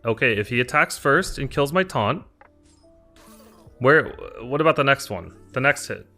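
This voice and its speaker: Here a man's mid-range voice comes across expressive, bright and forceful, at a normal pace. He's live-streaming a card game, reasoning aloud and explaining things in reply to chat questions over faint lo-fi music.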